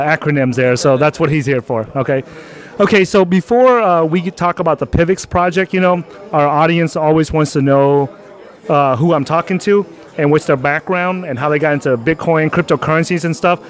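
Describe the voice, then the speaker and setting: A man's voice: on the high side, fairly quick. A man hosting a casual interview outdoors at a conference, loose and jokey with many fillers. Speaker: channel host.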